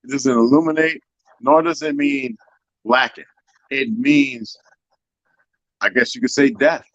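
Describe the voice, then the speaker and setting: A man's voice: mid-range voice, steady tone, unhurried, a bit bright, no room sound, dull audio. A man lecturing in a casual talk-show chat, full of his own theories. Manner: lecturing, talks about himself as a linguist. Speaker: guest.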